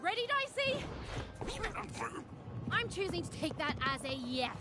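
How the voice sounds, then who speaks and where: A woman voicing a plucky young girl adventurer in a video game, speaking in an earnest, soft coaxing way. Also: very high voice, sing-song, a little slow, full character voice. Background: game music.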